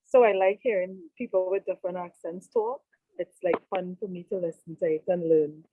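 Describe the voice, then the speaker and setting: A woman's voice: lowish voice, normal speed. Trinidadian woman on a tinny call. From Trinidad and Tobago. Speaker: guest participant. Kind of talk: casual video call chat. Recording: dry tinny video call audio.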